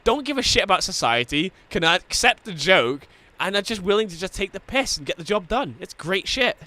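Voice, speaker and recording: A Scottish man chatting casually on a gaming live stream, with a forceful, bright voice pitched a little high. He curses constantly and breaks into laughter mid-story. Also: very animated, fairly quick. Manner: swears constantly, laughs through his stories.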